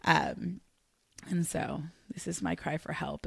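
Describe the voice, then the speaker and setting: A young woman co-hosting a faith podcast, telling her story in an emotional, animated way. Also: deep voice, slow pace, vocal fry, breathy edge, no echo, clean studio sound. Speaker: podcast co-host. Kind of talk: casual chat.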